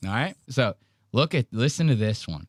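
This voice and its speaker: A man's voice: mid-range voice, moderate pace, heavy background noise. A man hosting a podcast, casually commenting on clips, swearing freely and acting out the people he quotes. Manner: animated, profane, acts out quotes in varied voices. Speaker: podcast host.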